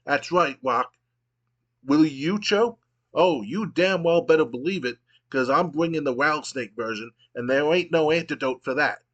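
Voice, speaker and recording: A man voicing a brash, trash-talking male wrestler who shouts cocky threats and insults. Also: on the high side, moderate pace, highs cut off. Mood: threatening. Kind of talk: wrestling promo impression.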